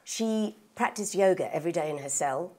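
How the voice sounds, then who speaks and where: A woman's voice: fairly low pitch, expressive, normal speed, darkish tone. A British woman in her sixties, telling a story in a casual panel chat, earnest and close to tears. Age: 60s. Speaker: panel guest.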